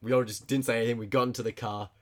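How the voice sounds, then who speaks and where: A man's voice: medium pitch, fairly even intonation, very fast. A young man hosting a podcast, telling a story in casual chat, often laughing as he rambles. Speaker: podcast host. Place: storehouse.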